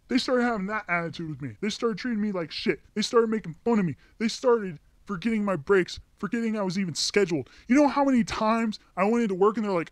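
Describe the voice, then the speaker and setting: A young male vlogger rants to the camera in a high-pitched, fairly quick voice, recorded dry. He tells a heated, profane story about a bad job, breaking into angry outbursts.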